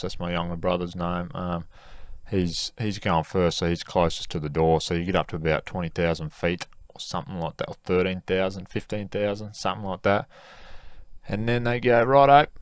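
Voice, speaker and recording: A man's voice: low-pitched, clean tone, dry recording, clean studio sound. A young man hosting a podcast, talking casually and rambling with lots of fillers. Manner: rambling, laid-back, many fillers. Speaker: podcast host. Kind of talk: casual solo podcast chat.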